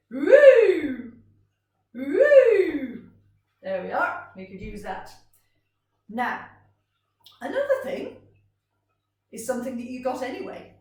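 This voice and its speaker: A woman music teacher leading a gentle, encouraging vocal warm-up lesson for children, in a sing-song way. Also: medium pitch, sing-song, measured pace, pauses often, distant mic. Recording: roomy sound from off-mic.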